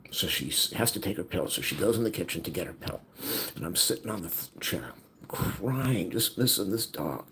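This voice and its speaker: A middle-aged man venting bitterly in a personal monologue, his agitated voice swinging from hushed mutters to near-shouts. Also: very deep voice, slight background noise. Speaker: vlogger.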